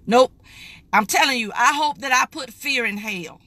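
A woman's voice: high voice, moderate pace, pushed and bright, no room sound. A middle-aged woman preaches an emphatic, folksy live-streamed morning devotional, calling her viewers "baby.". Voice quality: raspy.

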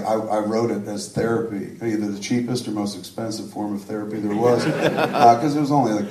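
A low-voiced man tells a rambling, profanity-laced, self-deprecating story to a live audience. He is picked up from a distance, and his voice echoes around the room. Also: a little mellow. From suburban New Jersey. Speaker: filmmaker answering audience questions.

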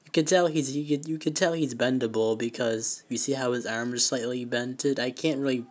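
A young man filming a casual toy review vlog on a handheld phone, talking in a halting, rambling way with many fillers and restarts, his voice emotional. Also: mid-range voice, steady tone. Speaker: vlogger. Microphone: handheld phone camera.

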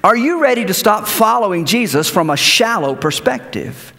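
A male pastor delivers an animated sermon in a church sanctuary. His voice sits high and swings widely in pitch, and a long hall reverb trails after his words. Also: normal speed, gravelly. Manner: animated preaching with repeated words and rhetorical questions.

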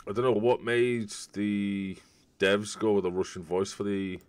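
A man's voice: lowish voice, fairly even intonation, a little slow, smooth. A man streaming a video game, chatting in a rambling, casual way to viewers as he plays. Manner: rambling, chatty, talks to viewers while playing. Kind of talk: casual gameplay commentary.

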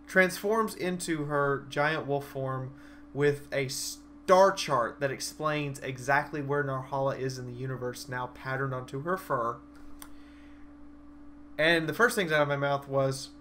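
A young man excitedly recapping a live-action role-play battle in a vlog, a dramatic storyteller whose voice leaps up and down. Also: a little slow, a little hiss or hum. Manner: animated, dramatic storyteller with big swings in pitch and loudness.

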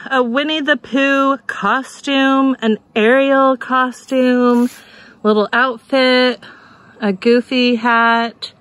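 High-voiced, excitable thrift vlogger woman. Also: no room sound. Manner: chatty, excitable, laughs often. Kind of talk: casual shop-with-me vlog. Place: busy thrift outlet store, then at home.

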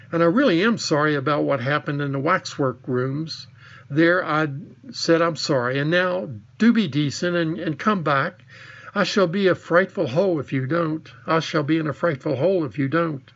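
A man's voice: a little high, normal speed, vocal fry, fairly bright tone, dull audio. A man reading the part of an anxious young boy who pleads and gets flustered. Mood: pleading.

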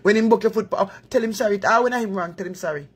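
Jamaican woman, husky, preachy live-stream host advising viewers. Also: medium pitch, fast. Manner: earnest, advising, in patois-laced talk.

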